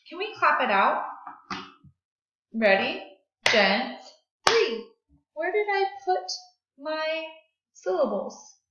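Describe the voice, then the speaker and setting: A second-grade teacher, a woman with a fairly high and slightly bright voice, leads a grammar and phonics lesson at a slow, clear, encouraging pace. Her drills use call and response, with the kids repeating and clapping out words. Captured in an echoey room, the audio is dull and lo-fi.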